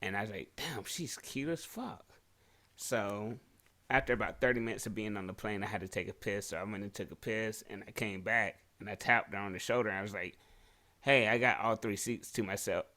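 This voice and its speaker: A podcast co-host tells crude, rambling stories in casual chat, laughing often along the way. His voice sits a little low but comes out bright and forceful. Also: steady tone, brisk.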